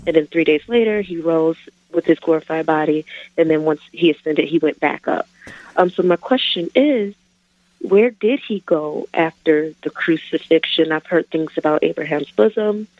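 A woman's voice: deep voice, moderate pace, no room sound. A woman calling in to a radio show with a Bible question, hesitant and full of fillers. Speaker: caller. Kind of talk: call-in question over the phone. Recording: muffled phone line.

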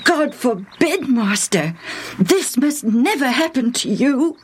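A woman's voice: sits high, lively intonation, slow pace, a little hiss or hum, pitched above the performer's own voice. A woman voicing an impulsive male disciple in a storybook, urgent and pleading. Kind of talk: storybook narration. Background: music.

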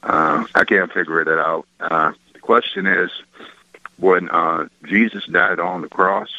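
A male caller on a radio phone-in, voicing his question hesitantly with frequent fillers. His voice is very low yet sharp-edged. The audio is dull and narrow, like a phone line. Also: steady tone, unhurried, no echo.

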